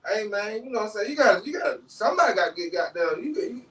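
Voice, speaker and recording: A man with a notably high voice talks through a podcast in loose, animated chat, circling back to "you know what I'm saying" again and again. He sits back from the mic, so his voice rings with a roomy echo. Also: very fast, distant mic. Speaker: podcast co-host. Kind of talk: casual chat.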